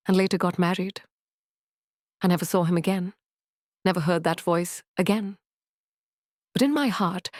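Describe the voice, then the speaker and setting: A woman narrating a dramatic first-person story slowly, in a sorrowful storytelling manner. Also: on the low side, creaky, a little mellow, no echo, clean studio sound.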